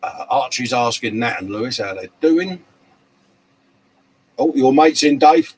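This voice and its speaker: A man on a casual live stream reads viewer comments from his hobby workshop bench, chatty and matey, calling viewers mate and love despite being tired from too little sleep. His medium-pitched voice is husky and expressive, with a measured pace. The recording is rough.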